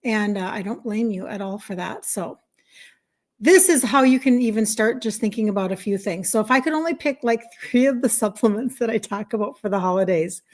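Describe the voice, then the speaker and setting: A woman's voice: mid-range voice, lively intonation, brisk. A middle-aged woman hosting a casual livestream as a health coach, upbeat and fired up, greeting viewers and reading their comments aloud.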